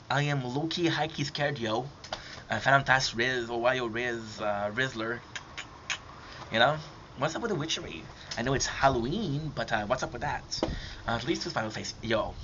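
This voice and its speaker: A man's voice: medium pitch, expressive, moderate pace. A man with a French accent chatting casually and teasing, swearing freely as he jokes. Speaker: live streamer. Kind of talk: casual chat with a stranger. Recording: dull lo-fi audio, faint background noise.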